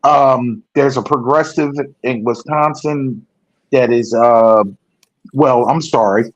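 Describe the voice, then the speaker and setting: A man co-hosting a political talk show, rambling in casual discussion and correcting himself often, growing animated when he makes a point. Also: mid-range voice, slow pace, no echo. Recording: dull lo-fi sound.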